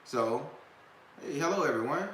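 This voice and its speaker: A man's voice: a little high, expressive, moderate pace, fairly bright tone. A man hosting a live talk, telling a story in a loose, profane, casual way and laughing often. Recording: echoey room, faint background noise.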